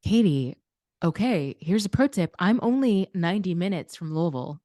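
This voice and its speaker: A woman's voice: lowish voice, animated, normal speed, mellow, no room sound, studio quality. Chatty woman co-host reacting in shock. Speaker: podcast co-host. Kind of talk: casual chat.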